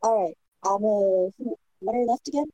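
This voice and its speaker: A woman's voice: medium pitch, warm tone, dry recording, highs cut off. A woman playing a tabletop game, laughing at her own missed shots. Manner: slow, laughing, self-mocking. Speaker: player.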